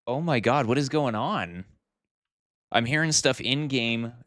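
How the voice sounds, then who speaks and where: A man live-streams a game from home, talking casually to his viewers, thanking them, and thinking out loud as he plays. He has a mid-range, fairly bright voice and a measured pace, with a bit of background noise.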